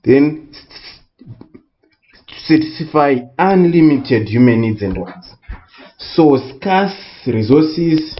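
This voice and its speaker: A man tutoring economics in a recorded lesson, speaking deliberately and repeating key words for emphasis. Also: a little high, animated, dull audio. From Southern Africa.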